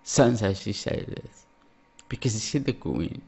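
A man from Algeria, reacting to a show in casual, halting English and often laughing. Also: fairly low pitch, lively intonation, gravelly, dark tone, husky. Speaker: reaction video host.

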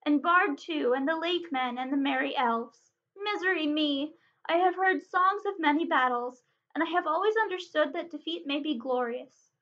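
A woman's voice: high voice, normal speed, fairly bright tone, dull audio. Bilbo, a woman voicing a fretful hobbit. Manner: worried, plaintive inner thoughts. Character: fretful grown male hobbit, gentle and homesick.

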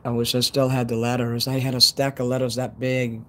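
A man with a Chicago accent rambles through a casual live-stream chat outdoors at night. His pitch sits in the middle for a man, and he talks in a loose, chatty way that is full of swearing. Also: level tone, brisk. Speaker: livestreamer.

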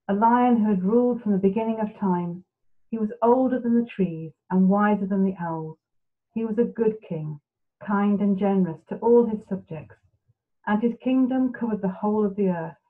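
A woman reading a bedtime storybook aloud in a soft, steady way. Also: mid-range voice. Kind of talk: gentle storybook narration. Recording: tinny phone-like sound.

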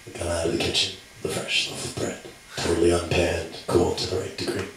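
A man telling a comic story in a casual, deadpan way. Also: deep voice, a little fast, far from the mic, a little hiss or hum. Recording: very echoey room.

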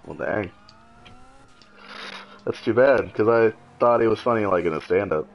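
A man's voice: fairly low pitch, normal speed, gravelly, dull audio. A man co-hosting a casual podcast chat, telling stories with lots of laughter and swearing. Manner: animated storyteller, laughs a lot, swears. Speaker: podcast co-host.

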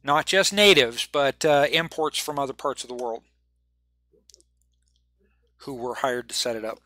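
A man running a tabletop game as game master, relaxed and rambling, laughing often. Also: mid-range voice, unhurried, no room sound.

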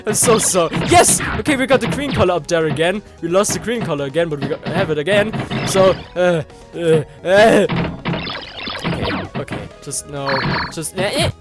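Excitable young man yelling at a game. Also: sits high, moderate pace. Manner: rambling, hesitant when talking to viewers. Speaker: gaming channel host. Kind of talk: let's play commentary. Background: game music and sounds.

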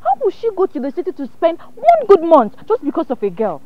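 Sister griping about her mum, high voice, dull sound. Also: wildly swooping pitch, brisk, heavily acted. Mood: upset. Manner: complaining. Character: upset young sister angry at her mother. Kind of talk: film drama.

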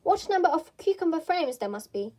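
A woman's voice: extremely high pitch, sing-song, fairly quick, darkish tone, voice pushed up. A woman reading the lines of Alice, a curious, fretful little girl who talks to herself. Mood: musing.

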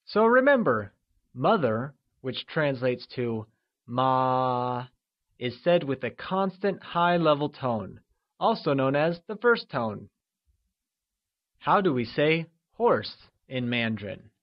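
Slow, encouraging male language teacher. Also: medium pitch, very animated, muffled recording. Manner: upbeat, encouraging, with slow, drawn-out modeled syllables. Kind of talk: scripted lesson narration.

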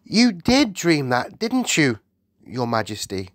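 Small earnest girl, high and lively, read by a man. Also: slow, no room sound, clean studio sound, exaggerated voice. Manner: stammering at first, then calm and eager. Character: little girl, polite and earnest.

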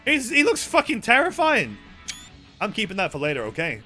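A man streaming a video game, reacting and reading game lines aloud in an animated, swearing, joking way. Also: high-pitched, fairly quick, faint music behind. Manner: animated, swears, laughs a lot.

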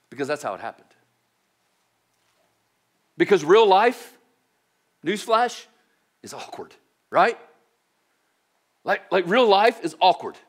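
Male pastor, high voice, chatty sermon, playful and full of filler words. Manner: animated, joking, heavy use of "like". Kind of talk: casual conversational sermon.

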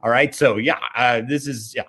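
A man's voice: medium pitch, steady tone, moderate pace, sharp tone, breathy edge. A man giving a devotional fireside talk, telling a story with animation and frequent fillers and restarts. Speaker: speaker.

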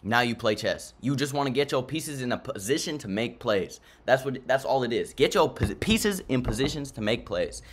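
A man's voice: medium pitch, animated, normal speed, hardly any pauses, husky. A young man teaching chess in a casual, slangy, hyped way, talking straight to his viewers. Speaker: chess content creator.

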